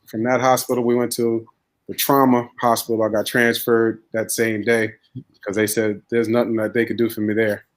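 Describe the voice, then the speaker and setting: Flat, low-key man telling his story. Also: normal speed. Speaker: podcast guest. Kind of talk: casual chat.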